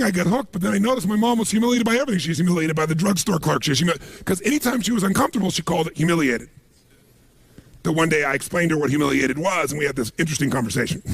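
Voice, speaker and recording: With a fairly high, creaky voice, the middle-aged man tells stories at his motivational seminar, playing out each quoted person's voice with lively animation.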